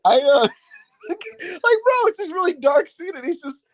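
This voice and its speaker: A man co-hosting a casual wrestling podcast, animated and profane, ranting and stammering when worked up. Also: very high voice, unhurried, muffled recording. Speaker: podcast co-host.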